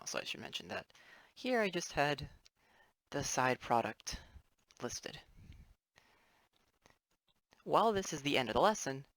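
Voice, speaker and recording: A man's voice: mid-range voice, a bit bright, no room sound. A young man, a student, giving a casual explainer lesson over his drawings, rambling with offhand apologetic asides. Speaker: student presenter.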